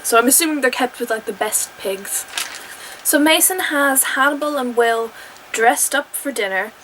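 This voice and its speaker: A young adult woman giving an animated, chatty spoken review of a TV episode, often breaking into exclamations. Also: a little high, a little hiss or hum, low-quality recording.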